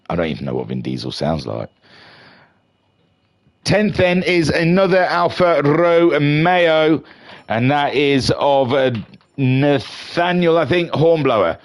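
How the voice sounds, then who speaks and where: A man giving playful, jokey live commentary on a sim racing league from home. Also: mid-range voice. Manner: playful, jokey, builds to excited shouting at the start. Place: home room.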